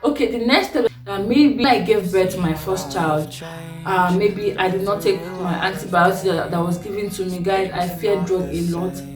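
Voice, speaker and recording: Animated Nigerian woman in an echoey room. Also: moderate pace. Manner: animated, laughing often, with sharp swings in pitch. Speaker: vlogger. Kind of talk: personal storytelling vlog. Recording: echoey room, voice a bit far from mic, faint music.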